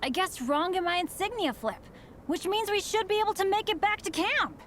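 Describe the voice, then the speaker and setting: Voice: very high-pitched, expressive, normal speed, fairly bright tone, slight background noise. An actor voicing an upbeat, unlucky teenage boy adventurer in a video game, eager and cheerful. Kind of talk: game voice acting.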